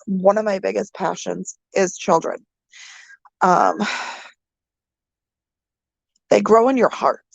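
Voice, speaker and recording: A woman vlogger from the American Midwest, talking to her viewers through tears, halting with many pauses and fillers. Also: mid-range voice, gravelly, breathy edge, dry recording, dull audio. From Minnesota. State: crying. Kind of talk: emotional vlog talk to viewers.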